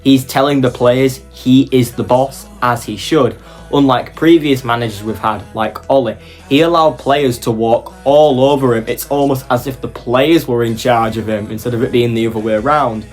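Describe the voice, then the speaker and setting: A man's voice: medium pitch, fairly even intonation, moderate pace, soft background music. A man delivering a passionate, opinionated football fan monologue for his vlog.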